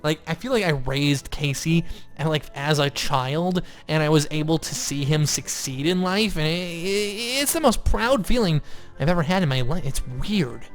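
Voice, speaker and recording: A young man giving excitable let's-play commentary, gushing loudly one moment and muttering the next. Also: fairly high pitch, moderate pace. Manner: excitable, gushing, swings between loud outbursts and quiet mutters. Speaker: gaming YouTuber.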